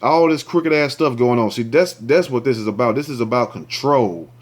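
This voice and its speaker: A man's voice: mid-range voice, normal speed. A man hosting a commentary show, reading a news story aloud and breaking in with angry, cursing remarks aimed straight at his viewers. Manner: indignant, ranting, swears freely; talks straight to viewers, asks for likes and shares.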